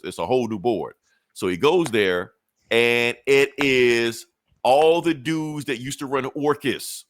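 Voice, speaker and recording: A man casually recapping a comic book on a podcast, his pitch swinging widely as he acts out each character's lines. His speech is loose, slangy and full of profanity. The sound is dry and close, with no room echo. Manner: animated storytelling, acting out characters' lines; profane, laid-back slang. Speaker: podcast co-host.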